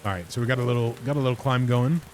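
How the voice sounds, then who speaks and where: A man's voice: medium pitch, very fast, over music. A man giving casual, rambling let's-play commentary, often laughing at himself. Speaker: game streamer.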